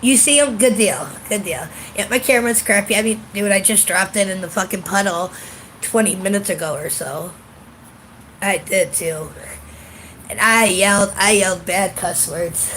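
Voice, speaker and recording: A congested woman vents to her phone camera outdoors, blunt and full of cussing. Her voice sits at an ordinary middle pitch. Outdoor noise comes through clearly around her. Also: moderate pace, fairly bright tone, rough recording. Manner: profane, blunt and ranting. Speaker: vlogger. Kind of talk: casual venting vlog.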